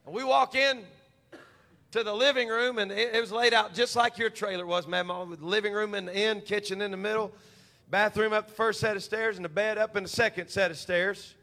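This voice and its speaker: Forties male preacher, high bright voice, folksy and funny in a sermon story. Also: fairly quick. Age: 40s. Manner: animated, humorous, folksy.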